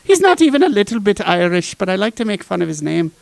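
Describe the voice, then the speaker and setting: A man hosting a podcast, chatting casually and teasing his guest all the way through. His voice has a gravelly edge to it. The sound is dry and close, with no room around it. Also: high-pitched, sing-song, fast talker, no echo, poor audio. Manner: joking, teasing, playful. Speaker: podcast host. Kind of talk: casual chat.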